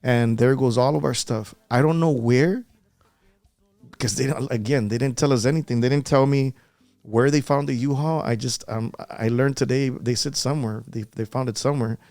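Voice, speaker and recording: A man's voice: medium pitch, normal speed, darkish tone, no echo. A man as a podcast guest, talking earnestly and repeating himself as he recalls an upsetting event. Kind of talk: emotional podcast interview.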